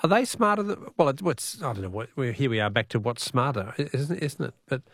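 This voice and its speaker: A man with an Australian accent hosting a radio show in a relaxed, rambling way. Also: medium pitch, fairly quick, no room sound, studio quality. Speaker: radio host. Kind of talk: casual radio chat.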